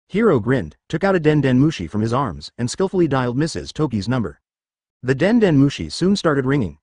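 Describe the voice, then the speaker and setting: A man reading fan fiction aloud as scripted narration, in an even, quick storybook manner. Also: mid-range voice, dry recording, clean studio sound.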